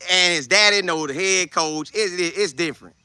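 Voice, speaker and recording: A man in his twenties, hosting a casual football show, talking loudly and boastfully with lots of energy. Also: sits high, normal speed, clear, resonant tone, no echo. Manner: loud, trash-talking, animated. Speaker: show host, football player. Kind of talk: casual livestream chat.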